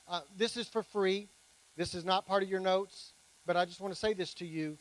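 A man's voice: high-pitched, steady tone, moderate pace, dry recording, rough recording. A man preaching a sermon to his congregation, emphatic, with playful joking asides. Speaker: pastor.

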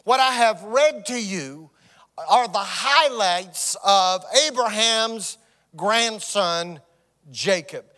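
A man's voice: high voice, expressive, slow, sharp tone, long reverb tail. A man preaching a sermon as pastor, leading a song and reading scripture to his congregation. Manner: leads congregation song, reads scripture aloud. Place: church sanctuary.

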